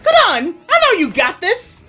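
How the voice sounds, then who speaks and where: Man doing a bubbly game girl streamer, pinched falsetto, very high, swooping wildly up and down. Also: wildly swooping pitch, measured pace, bright, forceful tone, faint music behind, exaggerated voice. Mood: peppy teasing. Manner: peppy, teasing, brash. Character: bubbly female streamer gym leader. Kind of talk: video game voice-over.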